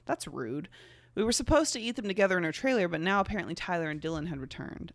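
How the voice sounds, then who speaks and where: A woman's voice: fairly low pitch, lively intonation, fast talker, no echo. A young woman hosting a podcast, reading her own fanfiction aloud with sarcastic commentary, swearing often and laughing at herself. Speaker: podcast host.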